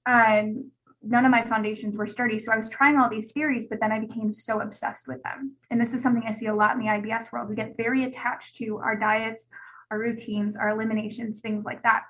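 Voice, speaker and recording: A woman's voice: a little high, level tone, brisk, fairly bright tone, rough recording. A woman guest telling her own story in a candid, conversational way, with many "like"s. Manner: chatty, peppered with "like". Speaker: guest, gut health specialist.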